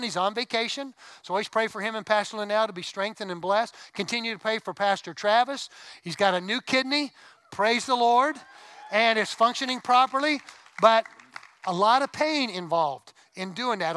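A man's voice: high voice, bright, forceful tone, no echo, poor audio. A middle-aged man preaching a sermon as pastor, conversational, with asides and rising emphasis. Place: church sanctuary.

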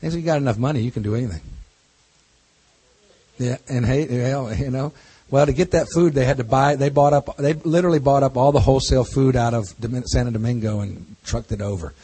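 A husky-voiced man stands before a congregation and talks as a pastor. His delivery is folksy and loose, full of jokes and stories. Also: mid-range voice, brisk, mellow. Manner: folksy, jokey storytelling with laughs. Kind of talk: church talk to a congregation.

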